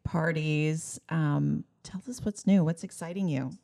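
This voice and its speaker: A woman's voice: sits low, a little slow, gravelly, mellow. A woman co-hosting a live podcast, playfully teasing guests and steering to the next topic. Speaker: podcast co-host.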